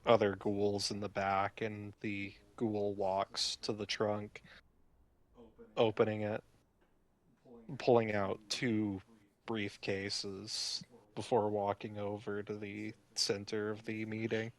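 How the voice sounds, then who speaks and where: A man running a tabletop role-playing game, narrating the scene in a measured way. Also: fairly low pitch, level tone. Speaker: storyteller.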